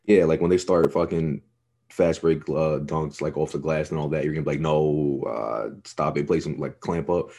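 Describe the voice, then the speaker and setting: A man's voice: very deep voice, flat delivery, a little fast, mellow, slightly rough. A young man co-hosting a sports podcast, chatting casually in a laid-back, rambling way and swearing freely. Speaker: podcast co-host.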